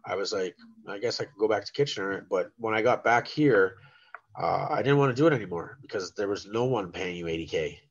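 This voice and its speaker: On this casual podcast, a Canadian guest in his forties, a rapper who used to be a chef, recounts his working life in a loose, chatty way. He's an animated storyteller with a low voice who readily acts out the lines of the people he quotes. The audio comes across as somewhat dull and lo-fi.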